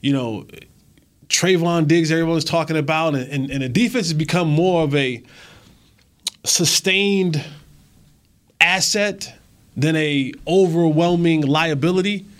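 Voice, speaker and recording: A man co-hosting a sports talk show who talks in an animated way, stammering and repeating words. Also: fairly high pitch, measured pace, pauses often.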